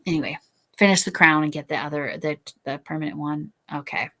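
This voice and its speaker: A woman's voice: low-pitched, brisk, a bit bright. A middle-aged woman hosting a casual crochet livestream, rambling and apologetic as she answers viewer comments. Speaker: livestream host. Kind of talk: casual chat while crocheting.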